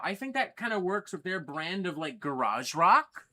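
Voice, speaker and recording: Man, livestream host, casual chat, bright voice, excitable, swears a lot. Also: sits high, normal speed. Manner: enthusiastic, swears freely.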